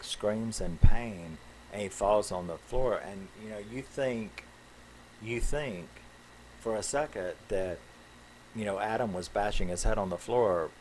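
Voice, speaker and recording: A man with a low voice recaps a horror film at an unhurried, drawn-out pace. He rambles and peppers his talk with fillers and curses. A faint noise hangs under the recording. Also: poor audio. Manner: rambling with many fillers, swears and laughs. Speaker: movie reviewer. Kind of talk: casual spoken film recap.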